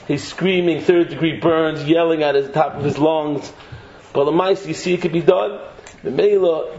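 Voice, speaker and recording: A man teaching an animated Torah shiur, repeating words as he builds each point and mixing English with Hebrew and Yiddish terms. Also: a little high. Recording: echoey, dull, faint noise.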